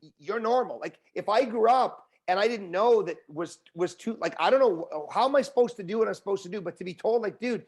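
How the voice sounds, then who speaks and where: Male motivational speaker as a guest, animated delivery, a little high-pitched. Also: fast, hardly any pauses. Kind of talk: conversational interview.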